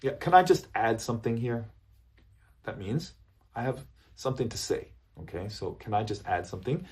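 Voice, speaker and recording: A man teaches business English phrases at a normal speed, his medium-pitched voice carrying a breathy edge. He's animated, repeating examples and checking in often with "okay?" and "right?".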